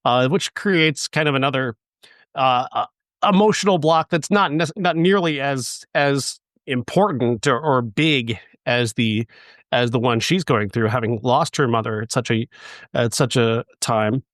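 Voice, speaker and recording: A man co-hosting a movie review podcast, thinking aloud in a halting way, with many restarts. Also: medium pitch, a bit bright, dry recording, clean studio sound. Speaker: podcast co-host. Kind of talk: casual movie review chat.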